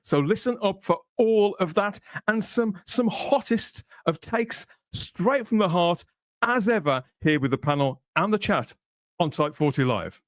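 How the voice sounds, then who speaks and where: A man's voice: high-pitched, animated, measured pace, dry recording. A man from Birmingham, England, hosting a casual podcast livestream in a jokey, chatty way, often laughing. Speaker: host.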